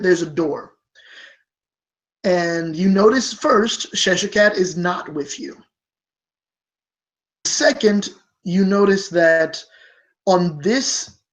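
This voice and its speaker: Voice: medium pitch, low-quality recording. A game master narrating a tabletop game, with rambling, self-correcting descriptions and many fillers.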